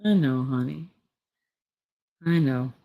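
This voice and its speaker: A middle-aged woman vlogger with a rumbling, low, narrow voice speaks slowly over tinny audio. Her monologue is casual and rambling, candid, full of laughter and free swearing.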